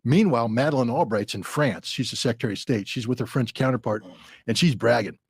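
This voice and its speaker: A man's voice: mid-range voice, quick pace, husky, dry recording, clean studio sound. A man in his sixties, a former weapons inspector and podcast guest, telling a story bluntly and acting out the dialogue. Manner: blunt, vivid retelling with dialogue.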